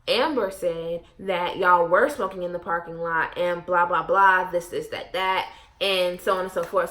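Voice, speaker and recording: A young woman vlogger telling a story in a casual, blunt and profane way, acting out what each person said. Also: mid-range voice. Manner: blunt, profane, animated storytelling with quoted asides.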